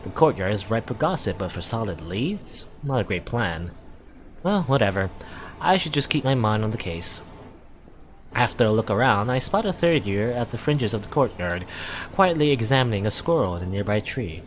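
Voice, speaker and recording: A man reading a visual novel aloud for a let's play, in a casual way with wry asides and quick self-corrections. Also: fairly low pitch, sing-song, slight background noise.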